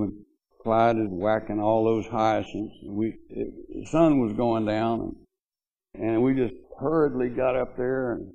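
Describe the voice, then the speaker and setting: A man's voice: lowish voice, creaky, warm tone, highs cut off. An older man giving a eulogy at a memorial gathering, telling rambling, folksy anecdotes about an old friend with lots of "you know"s. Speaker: eulogy speaker. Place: memorial gathering, speaking to mourners.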